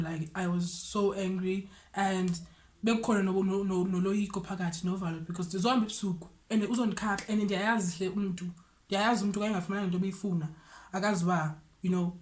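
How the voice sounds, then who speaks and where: Animated young South African woman. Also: medium pitch, a little hiss or hum. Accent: South African, Xhosa. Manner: switches between English and Xhosa, animated retelling. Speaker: vlogger telling a personal story. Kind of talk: casual storytime monologue.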